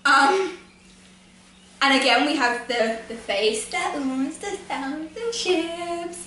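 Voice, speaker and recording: A woman giving a rambling, gushing fan review of a TV episode, excited and often laughing. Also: high voice, slow. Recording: echoey room from far off, faint noise.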